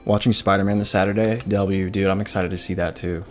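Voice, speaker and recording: Young male streamer, loose rambling delivery, low-set voice, light music under. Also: flat delivery, a little fast. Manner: rambling, laid-back, reads chat aloud. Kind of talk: casual live-stream chat while gaming.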